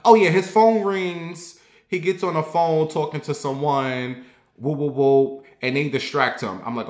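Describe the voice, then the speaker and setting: A man hosting, telling a comedic story in an animated way, with quick bursts and drawn-out asides. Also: on the high side, roomy sound. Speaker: host.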